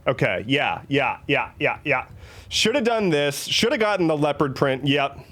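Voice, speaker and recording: A man's voice: fairly high pitch, very animated, moderate pace, fairly bright tone, soft background music. A man streaming live, chatting casually with a playful, rambling, jokey manner.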